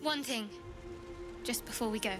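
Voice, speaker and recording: An actress voicing a guarded, earnest young woman cleric in a video game, with measured, composed delivery. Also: a little high, lightly acted. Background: game music.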